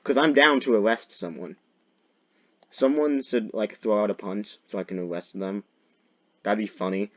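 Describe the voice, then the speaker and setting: A young man giving jokey gameplay commentary as a video creator, often breaking into loud, mock-dramatic shouts. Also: fairly low pitch, normal speed, pauses often, muffled recording.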